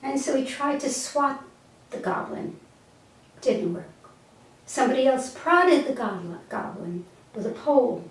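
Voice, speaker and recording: Slow, gentle woman storyteller. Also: sits high, animated. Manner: gentle, reflective, slight stumbles. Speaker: storyteller and teacher. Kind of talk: slow storytelling and spiritual teaching. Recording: echoey room, mic far off.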